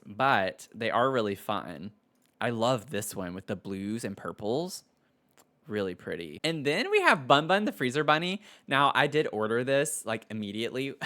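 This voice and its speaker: Man, casual game review voice-over, gushing, excitable, chatty, lots of fillers, mid-pitched voice. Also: smooth. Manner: gushing and excitable, frequent gasps and "oh"; chatty, many fillers and repeated words. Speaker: game content creator.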